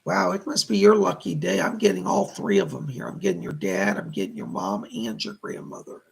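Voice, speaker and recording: A psychic medium hosts a live-streamed reading in a deeply gravelly, husky voice whose pitch moves a lot. He passes on spirit messages and thanks viewers for donations, sounding animated and a little fast.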